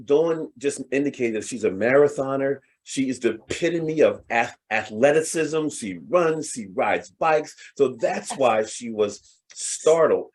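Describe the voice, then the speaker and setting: Husky male talk-show host. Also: medium pitch, expressive. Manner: halting, repeats phrases when starting questions. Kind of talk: interview chat.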